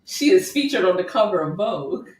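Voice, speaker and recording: A woman co-hosting a podcast in casual chat, telling stories with lively acted-out quotes. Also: mid-range voice, brisk. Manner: animated storytelling, acts out quotes. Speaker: podcast co-host. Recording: echoey room.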